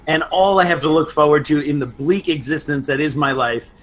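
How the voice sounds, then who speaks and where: A man's voice: a little high, fairly quick, a bit bright, a little hiss or hum, poor audio. A man who teaches martial arts, co-hosting a podcast and chatting with enthusiasm and some teasing. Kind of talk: casual podcast chat.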